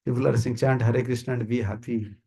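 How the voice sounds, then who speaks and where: A man's voice: mid-range voice, fairly even intonation, brisk, dark tone. A man with an Indian accent giving an informal sermon at a house gathering, repeating his points emphatically and checking that listeners understand. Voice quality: gravelly and husky. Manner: repetitive, emphatic, asks listeners "you understand?", chuckles often. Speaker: visiting swami giving a talk. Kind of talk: informal sermon to a small group.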